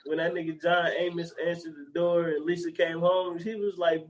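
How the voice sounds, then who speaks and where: A young, animated man chats casually and profanely about his favorite comedy scenes, like a podcast co-host riffing with a friend. His voice is a bit high for a man, and he keeps breaking into loud, squeaky character impressions. He talks at a moderate pace with hardly any pauses, and the recording is muffled.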